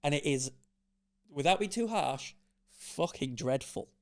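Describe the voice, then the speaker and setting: A man's voice: a little high, expressive, measured pace. A man co-hosting a podcast, sceptical and teasing in casual chat. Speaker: podcast co-host.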